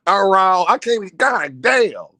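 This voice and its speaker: Brief: high-pitched male streamer, dry close mic, mocking and laughing a lot, slangy chat with viewers. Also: sing-song, unhurried, vocal fry, sharp tone, no echo. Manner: laughs a lot, mocking, repeats a running catchphrase; talks to live chat, slangy. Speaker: boxing commentary streamer. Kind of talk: casual live-stream commentary.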